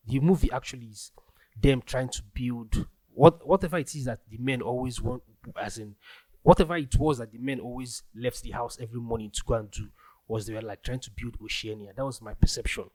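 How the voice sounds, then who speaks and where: A man's voice: mid-range voice, a little fast, darkish tone, dry recording. A young man with a Nigerian accent hosting a casual solo podcast, rambling through his thoughts with many restarts and filler words. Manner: rambling, loose, full of restarts and "like". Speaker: podcast host.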